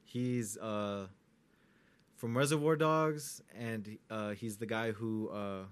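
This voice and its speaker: A man chatting casually as a co-host, rambling and excitable, often trailing off while searching for words and swearing easily. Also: lowish voice, takes it slowly, smooth. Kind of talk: casual chat.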